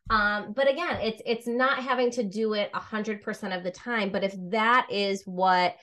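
Woman podcast co-host, clinical explainer, mid pitch, conversational. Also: steady tone, moderate pace, a bit bright. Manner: explaining, tags "right?". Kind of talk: casual chat.

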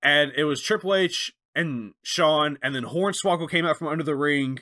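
A man co-hosting a casual chat who talks in an animated way and acts out quotes in different voices. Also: a little high, normal speed. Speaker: podcast co-host.

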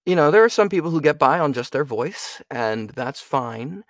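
A young man who works as a voice actor and audiobook narrator chats loosely in an interview, often asking "you know what I mean?" His voice sits a little high with lively intonation at a normal speed. The sound is clean studio audio with no room sound.

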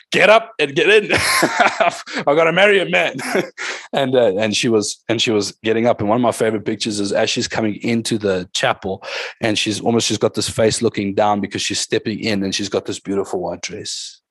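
A man with a low voice preaches a sermon, rising into emphatic calls to his congregation. His sound is close and dry, with no room echo. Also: slightly rough. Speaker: pastor.

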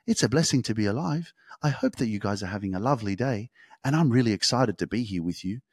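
A man putting on the voice of an overly pleasant, bland male podcast host who gushes softly and politely. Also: lowish voice, animated, fast talker, slightly rough, no echo, clean studio sound, pitched below the performer's own voice. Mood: saccharine. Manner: soft, sugary, polite gushing.

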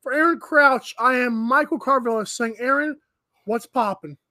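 High-voiced man hosting sports talk. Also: normal speed, pushed and bright, no room sound. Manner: rambling, filler-heavy. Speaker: morning show host.

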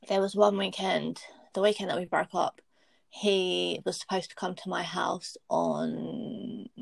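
A woman's voice: medium pitch, creaky, no echo. A young woman, candidly telling a personal story in casual chat, blunt and swearing freely.

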